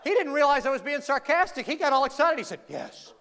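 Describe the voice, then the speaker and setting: A man's voice: extremely high pitch, expressive, quick pace, background noise. A man telling a humorous personal story to a live audience in a large hall, sarcastic and self-deprecating, quizzing the listeners as he goes. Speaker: humorous speaker. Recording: reverberant hall, faint background ambience.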